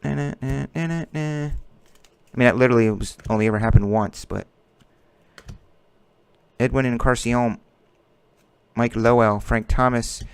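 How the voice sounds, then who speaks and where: Hosting a card-breaking stream, a man with a smooth, clear voice pitched squarely mid-range for a male opens packs unhurriedly, pausing often. He jokes around and calls out player names as cards turn up. The audio is close and dry, with no echo and almost no sense of the room.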